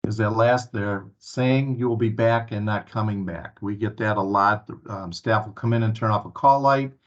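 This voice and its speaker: A man's voice: lowish voice, moderate pace. Muffled man giving a staff training talk. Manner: earnest, many filler sounds and restarts. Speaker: staff presenter at a town hall. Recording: muffled lo-fi recording.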